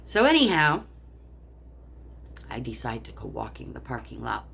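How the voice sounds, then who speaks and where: A woman's voice: a bass voice, sing-song, a little slow, gravelly, fairly bright tone, slightly rough. Older woman ranting, full of profanity. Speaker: vlogger. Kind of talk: angry personal storytelling.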